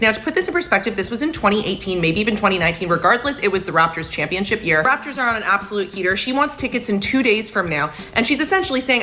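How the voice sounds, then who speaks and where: A young woman talks quickly in a bright, forceful voice. She tells a personal story as casual chat, animated and indignant. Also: mid-range voice.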